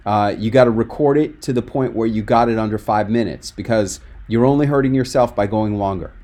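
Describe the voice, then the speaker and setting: A man's voice: fairly low pitch, brisk, dark tone. A man coaching a speaker on a video call, talking in a direct, emphatic and encouraging way. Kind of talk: webinar coaching feedback.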